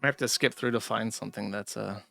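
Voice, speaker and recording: Male commentary host, sarcastic and mocking, gravelly fry, dry close sound. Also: lowish voice, quick pace, sharp tone, no room sound. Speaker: commentary streamer. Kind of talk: livestream commentary.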